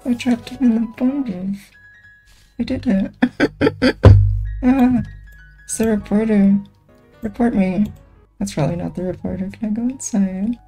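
A young woman chats her way through a video game in a slow, mellow voice, giggling often and teasing the characters on screen. Her delivery is playful and unhurried. Faint music plays underneath. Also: medium pitch, slightly rough. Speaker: gaming streamer. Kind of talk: casual gameplay commentary.

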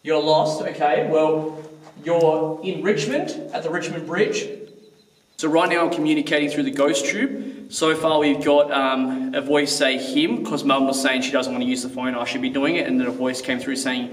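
A man's voice: fairly high pitch, fairly even intonation, normal speed. A young man investigating a haunting outdoors, earnestly coaxing and politely questioning unseen spirits. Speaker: paranormal investigator vlogger. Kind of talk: casual ghost-hunt narration and questions to spirits. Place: outdoors at an old stone bridge. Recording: echoey, far from mic, faint noise.

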